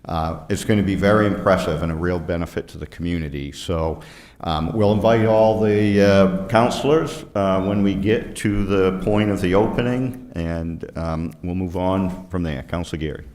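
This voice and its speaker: A man chairing a city council meeting, formal and brisk with some fillers. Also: sits low, a little mellow. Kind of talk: meeting procedure. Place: council chambers. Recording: echoey chamber.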